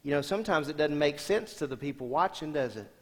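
A man preaching a sermon as senior pastor, asking the congregation questions and swinging between loud emphatic lines and quiet soft ones. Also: on the high side, animated, fast talker. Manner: asks the congregation rhetorical questions. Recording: long hall reverb.

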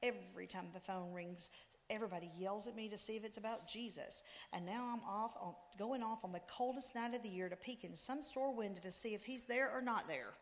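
A woman's voice: mid-range voice, fairly quick, long reverb tail, natural voice. A woman voicing an exasperated middle-aged father who grumbles as he gives in, in a story read aloud.

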